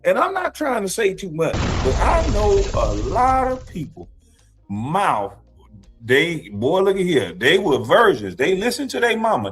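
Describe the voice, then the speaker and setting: Male streamer with a drawl, animated and jokey, pitch jumping around; casual stream talk with faint music underneath. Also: slightly rough. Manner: animated, joking, crude storytelling. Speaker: stream co-host. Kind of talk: casual reaction-stream chat.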